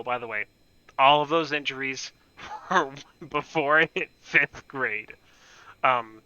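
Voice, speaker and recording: A man's voice: mid-range voice, pushed and bright, clean tone, no echo, lo-fi sound. A man telling a rambling story while playing a game, laughing often and swearing casually. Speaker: gaming streamer. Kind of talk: casual anecdote while gaming.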